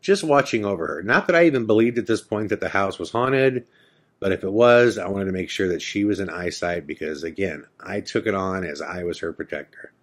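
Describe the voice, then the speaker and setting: Low-voiced man telling a ghost story. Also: animated, fairly quick. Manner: retelling the scene with quoted dialogue, many "I'm like" asides. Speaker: podcast host. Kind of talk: personal storytelling.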